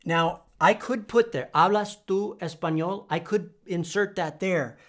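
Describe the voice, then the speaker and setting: A man teaching a Spanish verb lesson, spelling out letters and repeating each form deliberately. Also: high voice, fairly bright tone. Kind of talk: whiteboard language lesson.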